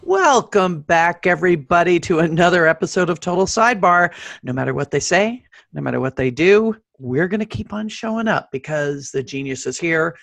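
A woman's voice: lowish voice, brisk, gravelly, dry recording. A middle-aged woman hosting a podcast in casual chat, joking and laughing often. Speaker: podcast host.

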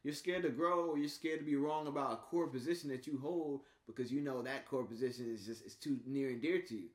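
A man's voice: medium pitch, fairly quick. A man from the Bay Area co-hosting a podcast in casual chat, laid-back, laughing often and cursing freely. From San Francisco Bay Area. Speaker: podcast co-host. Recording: roomy echo.

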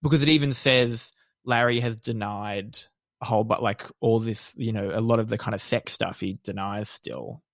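A man's voice: lowish voice, fairly even intonation, moderate pace, creaky, no echo, studio quality. A man with a lisp co-hosting a casual podcast, rambling and hesitant, filling his talk with "like" and "kind of". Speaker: podcast co-host. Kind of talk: casual chat.

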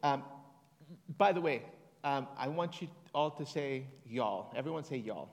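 A man preaching a sermon in a casual, conversational way, with fillers and restarts, slowing down to read scripture deliberately. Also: mid-range voice, animated. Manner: reads scripture slowly and deliberately. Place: church hall. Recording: long hall reverb.

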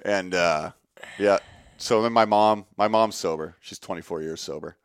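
In a workshop, a guest in his thirties tells his story candidly and animatedly, swearing often and acting out the quotes in different voices. His voice is deep and moderately paced, captured with studio-quality clean tone and no room sound.

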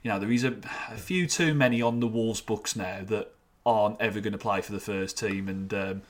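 A man co-hosting a casual football podcast, often halting and restarting as he thinks aloud. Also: on the low side. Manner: halting, many restarts and fillers, earnest. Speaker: podcast co-host.

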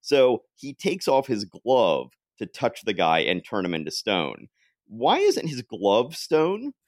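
A man hosting a casual comic-book podcast chat, talking in an animated way and laughing often. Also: mid-range voice, slow, no echo, clean studio sound. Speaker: podcast host.

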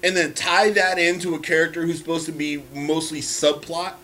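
A man's voice: on the high side, little pitch movement, moderate pace, fairly bright tone. Earnest man with a raised voice. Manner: earnest, emphatic, hesitant with fillers. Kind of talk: casual chat.

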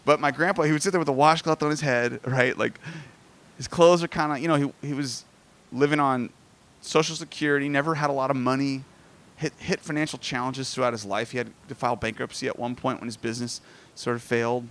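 A man preaching in a casual, conversational way, telling a family story with rising emotion. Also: brisk. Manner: conversational, animated, rises in pitch when moved. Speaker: pastor. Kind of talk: sermon storytelling. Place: outdoors near sand.

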